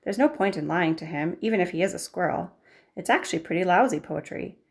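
A woman's voice: lowish voice, fairly quick, gravelly. A woman voicing a precocious boy who speaks in a frank, matter-of-fact way. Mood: blunt.

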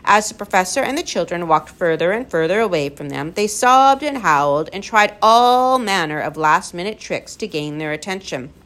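Woman narrator for a children's tale, animated delivery. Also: lowish voice, normal speed, hardly any pauses. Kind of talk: storybook narration.

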